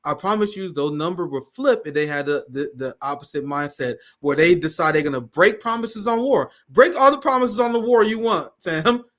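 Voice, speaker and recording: A man's voice: a little high, lively intonation, moderate pace, hardly any pauses, fairly bright tone. A man hosting a casual livestream, laid-back and slangy, laughing often, who says he grew up with a speech impediment. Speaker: livestream host.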